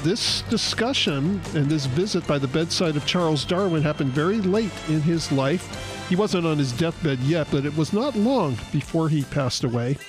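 A man's voice: fairly high pitch, animated, moderate pace, over music. A man hosting a talk radio show, talking to listeners in an earnest, candid monologue with fillers and restarts.

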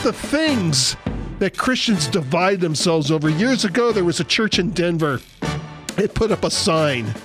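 A male pastor delivering a sermon with animated, humorous storytelling and impressions. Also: sits high.

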